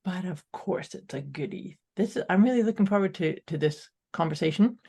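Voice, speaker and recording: A woman's voice: on the low side, lively intonation, fairly quick, gravelly, warm tone, breathy edge. A woman co-hosting a podcast in an upbeat, casual way, speaking directly to her listeners. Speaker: podcast co-host. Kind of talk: casual motivational chat.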